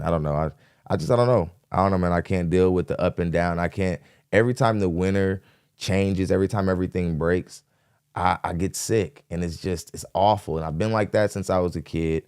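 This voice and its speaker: A man hosting a live podcast stream, giving energetic shout-outs to viewers and then talking plainly to them. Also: deep voice, fairly quick, clear, resonant tone, dry recording, clean studio sound. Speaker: podcast host. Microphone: dynamic studio mic. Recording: hip hop music underneath.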